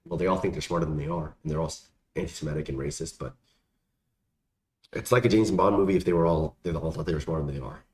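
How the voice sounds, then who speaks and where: Gravelly low-voiced young man, echoey room. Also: lively intonation, quick pace, a little mellow. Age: young adult. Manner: rambling, slangy, many fillers. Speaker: vlogger answering viewer questions. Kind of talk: casual Q&A chat. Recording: echoey room, faint background noise.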